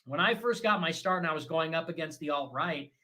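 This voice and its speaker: A man hosting a livestream show, talking in a rambling, combative monologue that swings from loud bursts to low mutters. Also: animated, a little fast. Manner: self-assured, talks in repeated short phrases.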